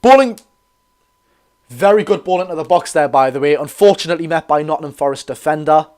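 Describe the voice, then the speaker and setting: A man's voice: a little high, brisk, darkish tone. A man with a Geordie accent hosting a live football watch-along, giving chatty commentary, correcting himself and greeting viewers.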